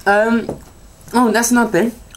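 A man's voice: level tone, unhurried, a little hiss or hum. A young man, telling stories as a podcast co-host, talking while eating. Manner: storytelling, acts out quoted people in high voices. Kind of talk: casual chat.

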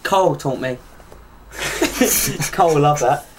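A man's voice: on the high side, slow pace, background noise. A young man hosting a casual podcast, joking crudely and bouncing between topics. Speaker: podcast host. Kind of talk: casual chat.

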